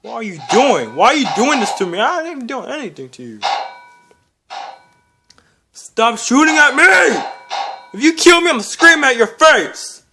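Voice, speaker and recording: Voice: high voice, sing-song, normal speed, long pauses, noisy background. A performer voicing a raging puppet hand. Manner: yells insults and exasperated questions. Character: hot-tempered puppet hand raging at a video game. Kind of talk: comedic gameplay commentary in character. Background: video game music.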